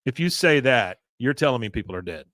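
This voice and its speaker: A man's voice: mid-range voice, very animated, brisk, fairly bright tone, dry recording, clean studio sound. A man hosting a podcast, casually recapping an episode in a wry storytelling way. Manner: storytelling, wry, many fillers. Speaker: podcast host.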